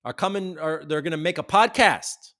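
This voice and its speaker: A man's voice: a little high, moderate pace, sharp tone. A man hosting a casual livestream, chatting loosely and reading viewer comments aloud as they come in, with the odd swear. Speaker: livestream host.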